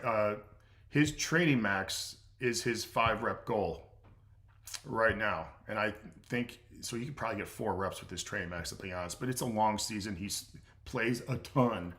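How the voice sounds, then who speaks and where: A man's voice: mid-range voice, a bit bright. A middle-aged man from the United States, a strength coach answering viewer questions on a casual livestream in a blunt, repetitive way, with many filler sounds. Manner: blunt, repeats himself, lots of "uh" fillers.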